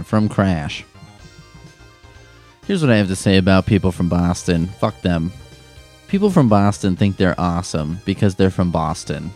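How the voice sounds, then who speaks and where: Comedic advice host, young man, profane deadpan-sarcastic delivery, dark mellow tone. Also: low-pitched.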